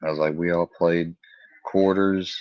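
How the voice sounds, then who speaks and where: A man's voice: little pitch movement, unhurried, no room sound, highs cut off. A man telling a rambling casual story, acting out both sides of a conversation in a jumpier voice. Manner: rambling, acts out both sides of the talk with a jumpier, higher voice for quotes. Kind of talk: casual story told to camera.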